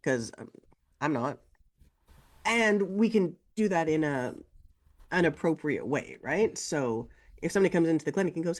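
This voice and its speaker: A woman co-hosting a podcast in casual chat, animated and acting out quoted lines in a higher voice. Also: moderate pace, pauses often. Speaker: co-host.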